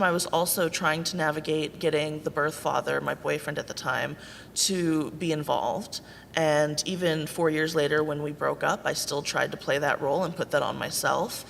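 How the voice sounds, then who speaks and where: A woman's voice: low voice, creaky, fairly bright tone. A woman, a birth mother on a panel, telling her personal story in a candid, wry, self-deprecating way. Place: conference hall. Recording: echoey hall with faint noise.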